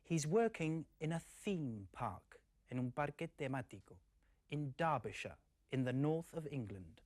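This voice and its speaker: A man presenting an English course, explaining slowly and clearly. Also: medium pitch, very animated, darkish tone, no echo, studio quality. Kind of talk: scripted teaching presentation.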